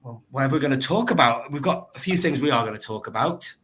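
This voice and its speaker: A man's voice: mid-range voice, lively intonation, quick pace, fairly bright tone. A man hosting a casual livestream, talking into a laptop microphone in a chatty, rambling way and laughing often. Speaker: livestream host.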